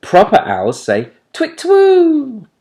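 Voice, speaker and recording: A proud little schoolgirl with a high, bright voice , as a man puts her on for a storybook. She is bossy and matter-of-fact, explaining everything as if it were obvious, in a slow, animated read-aloud. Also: heavily acted. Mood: chatty.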